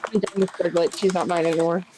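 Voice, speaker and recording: A woman playing her character in a tabletop game, animated and forceful when in character. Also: lowish voice, fast talker, noisy background. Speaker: player.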